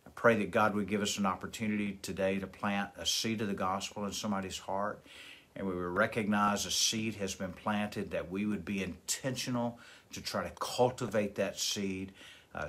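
A man's voice: low-pitched, steady tone, moderate pace, a bit bright. A man as a pastor giving a daily Bible devotional, earnest and emphatic, with small fillers.

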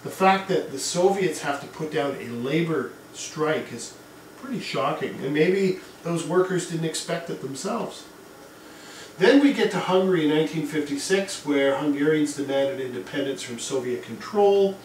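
A man's voice: on the high side, lively intonation, moderate pace, slight background noise. A man giving a casual history lecture to a class, talking in a conversational way with asides and fillers. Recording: echoey room, mic at a distance.

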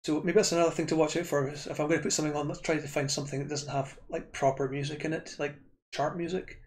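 A man's voice: on the high side, level tone, fast talker, a little hiss or hum. A Scottish man streaming retro games, chatting casually and rambling to his viewers with frequent restarts.

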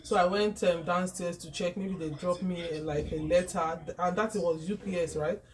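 A woman chatting casually on her vlog, excitable and full of storytelling asides, first from a car and then at home in a small office, recorded on a handheld phone. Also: on the low side, moderate pace. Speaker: vlogger.

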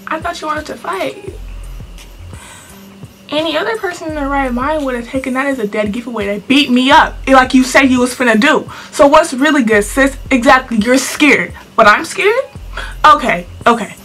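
A teenage girl telling a storytime vlog to her camera in an animated, sassy way, full of slang. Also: sits high, a little fast, few pauses, soft background music. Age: teens. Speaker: vlogger.

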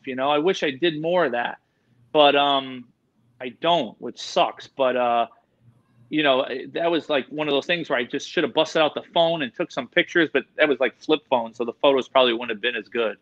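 A man, an animal expert, telling animated, slangy stories in a casual interview, full of "dude" and "like". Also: fairly high pitch, fairly quick, muffled recording. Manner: animated, excitable, slangy, says "dude" and "like" a lot. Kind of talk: casual storytelling in a podcast interview.

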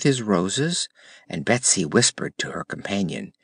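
A man narrating a classic children's fantasy audiobook in a measured storytelling manner. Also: low-pitched, dry recording, clean studio sound. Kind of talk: scripted narration.

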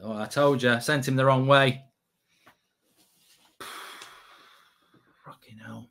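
Excitable man reacting live. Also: medium pitch, slow, creaky. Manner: excitable, swearing, talking to himself. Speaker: streamer reacting to football.

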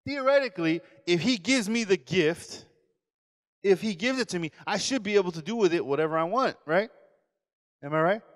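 Animated pastor in a reverberant hall. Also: male voice, high-pitched, normal speed. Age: 40s. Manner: animated, acts out quoted voices, asks audience questions. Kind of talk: sermon lecture.

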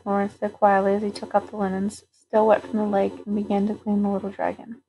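Woman reading a novel, flat and even. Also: medium pitch, a little fast, a little hiss or hum, low-quality recording. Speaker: audiobook reader. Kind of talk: narration of a novel.

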